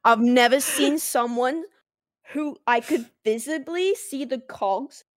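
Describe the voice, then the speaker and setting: Young Australian woman, podcast co-host; bright, bouncy delivery, slightly high, dry close recording. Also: takes it slowly, no echo. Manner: animated, swearing, laughs through her stories. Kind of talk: casual storytelling chat.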